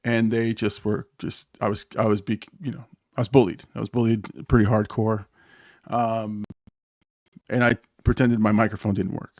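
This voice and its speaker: Guy hosting a live stream, laughs a lot, stumbles over words, jumps way up high mimicking people, dead dry mic. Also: moderate pace, dry recording. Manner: animated storyteller, mimics others in a high shouting voice; laughs often, stammers and restarts. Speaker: podcast host. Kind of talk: casual live-stream chat.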